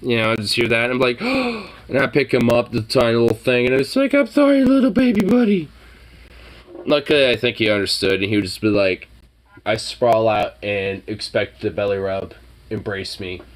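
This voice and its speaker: A man chatting on a stream in a fairly low voice. He rambles loosely, stringing thoughts together with constant fillers and casual profanity. A faint hiss sits under the recording. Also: a little fast.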